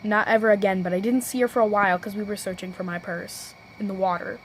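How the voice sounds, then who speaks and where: A teenage girl telling a storytime vlog, rambling and restarting sentences, often saying "low-key.". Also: fairly even intonation, fast, a little hiss or hum, low-quality recording. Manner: self-correcting, restarts sentences. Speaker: vlogger.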